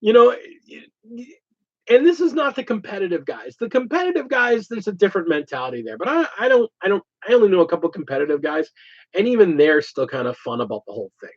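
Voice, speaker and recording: Male host, expressive and chatty, ranting casually over a muffled, lo-fi recording. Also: high voice, quick pace. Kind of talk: casual chat. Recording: dull lo-fi sound.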